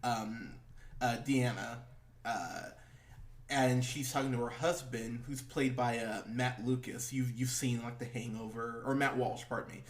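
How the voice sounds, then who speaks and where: A man's voice: medium pitch, steady tone, a little slow. A man hosting a casual movie review podcast, rambling with lots of fillers, laughing and swearing as he talks. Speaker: podcast host.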